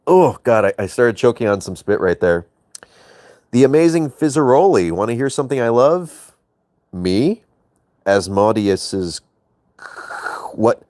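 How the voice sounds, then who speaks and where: A man's voice: medium pitch, animated, unhurried, pauses often, darkish tone, no echo, studio quality. A young man chatting casually to his viewers on a late-night livestream, playful and teasing with joking innuendo.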